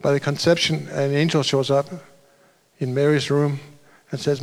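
A male pastor delivers a sermon in an informal, storytelling way, circling back and correcting himself as he goes. His speaking voice sits a little higher than most men's. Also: flat delivery, moderate pace, vocal fry. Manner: loose storytelling, restarts and asides.

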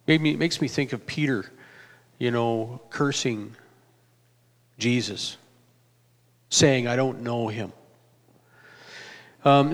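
A pastor in his fifties telling a personal testimony in a halting, reflective way, often restarting his sentences. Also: mid-range voice. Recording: reverberant hall.

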